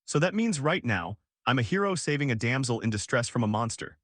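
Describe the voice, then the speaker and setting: A man's voice: mid-range voice, very animated, fairly quick, a bit bright, no room sound, clean studio sound. A man voicing a brash, flustered young male summoner in a fantasy story recap.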